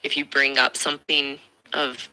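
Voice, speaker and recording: A woman's voice: very deep voice, little pitch movement, normal speed, bright, forceful tone, low-quality recording. A woman giving relationship advice in an earnest, explanatory lecturing tone.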